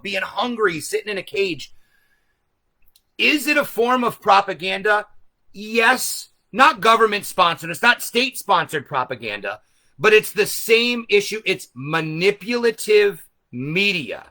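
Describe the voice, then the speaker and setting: A man hosting a live stream, speaking loudly and emphatically as he explains a point to his viewers. His voice sits high and bright and swings a lot in pitch. He talks from a camera set some way back. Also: lively intonation, a little slow. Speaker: host. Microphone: camera set back from him.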